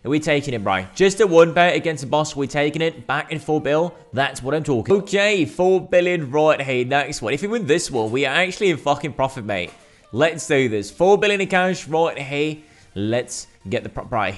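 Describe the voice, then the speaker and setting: A man doing excitable gameplay commentary as a gaming video host, swearing often and calling viewers bro and mate. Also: a little high, moderate pace, soft background music. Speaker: gaming YouTuber.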